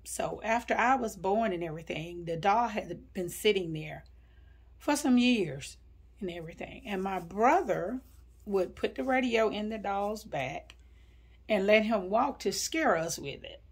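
Husky-voiced woman in her sixties. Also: medium pitch, lively intonation. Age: 60s. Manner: unhurried, with frequent fillers and hedges. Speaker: interviewee. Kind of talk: personal storytelling interview.

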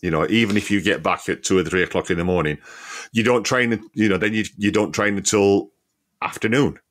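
Very deep-voiced man in easy football chat. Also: brisk, fairly bright tone. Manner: easygoing, many "you know" fillers, laughs often. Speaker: podcast co-host, former player.

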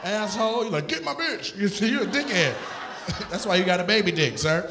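Loud teasing comedian roasting a crowd. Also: male voice, high-pitched, a little fast. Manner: loud, teasing, often shouting and laughing. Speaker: stand-up comedian. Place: comedy club stage. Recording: echoey club room with audience noise.

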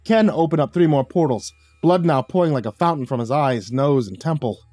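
A man reading a first-person horror story in a slightly high voice, dramatic and shifting, sinking quiet for the darkest beats. The mic is close and dry, with a faint music bed underneath. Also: lively intonation, a little fast, no echo. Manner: dramatic, drops low and soft for grim lines.

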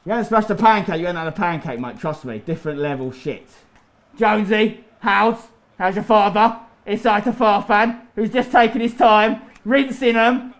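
A young man commentating on his own football video game match, boastful and excitable, taunting his opponent and shouting at the big moments. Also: sits high, normal speed, a faint crowd. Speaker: gaming YouTuber. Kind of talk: live gameplay commentary with trash talk.

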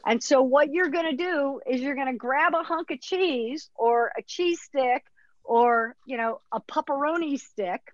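A woman's voice: sits high, a little slow, dry recording, dull audio. Chatty woman teaching a puppy class. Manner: chatty, upbeat instructor who acts out dog voices. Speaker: dog trainer.

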